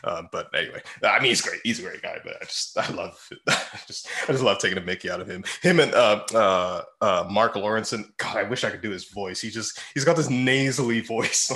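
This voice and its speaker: A man's voice: lowish voice, a little fast, few pauses, bright, forceful tone. A man co-hosting a casual football podcast, rambling with many fillers and frequent laughs. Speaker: podcast co-host. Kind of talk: casual chat about football.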